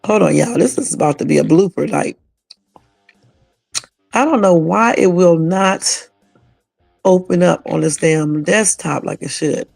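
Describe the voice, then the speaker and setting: A man hosts a casual livestream reaction at his desktop computer. His voice sits a little high with a gravelly rasp, and he talks loosely and swears freely. The sound is dry and close. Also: a little slow, pauses often, darkish tone, dry recording, soft background music. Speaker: livestream host.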